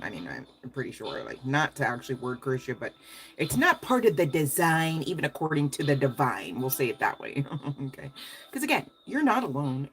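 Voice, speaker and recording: Low-voiced chatty woman live-streaming a reading. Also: a bit bright. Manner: chatty and upbeat, laughs often, talks straight to viewers. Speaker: tarot reader hosting a live stream.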